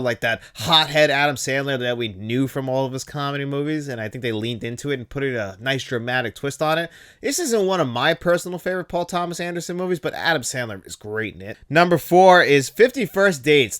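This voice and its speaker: A man's voice: medium pitch, fairly bright tone. A man in his thirties hosting a casual movie talk show, enthusiastic and laughing now and then. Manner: enthusiastic, laughs at quoted lines. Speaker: host.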